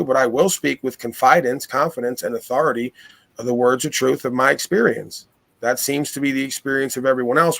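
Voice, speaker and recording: A man's voice: medium pitch, creaky, bright, forceful tone. A man hosting a podcast, talking philosophically in earnest, probing rhetorical questions. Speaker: podcast host. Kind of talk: casual philosophical chat.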